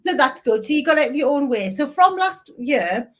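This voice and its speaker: A woman's voice: high voice, sing-song, moderate pace. A woman hosting a casual interview, blunt and jokey, with casual swearing. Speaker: host and coach.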